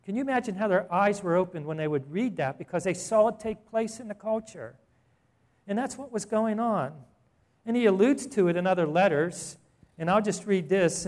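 A man's voice: sits high, normal speed, a little mellow. Man preaching a conversational sermon. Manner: conversational preaching, rising to fervent emphasis. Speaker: pastor.

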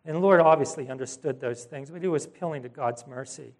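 A pastor with a slightly high voice preaches fast, retelling scripture conversationally with asides and self-corrections. His storytelling is animated, and he acts out the voices of those he quotes.

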